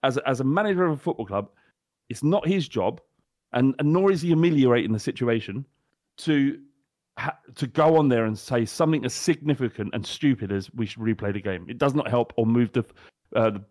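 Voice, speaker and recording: A man's voice: medium pitch, a little fast, a little mellow, no echo, clean studio sound. A man co-hosting a football podcast, ranting bluntly and heatedly with plenty of swearing. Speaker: podcast co-host. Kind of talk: casual chat.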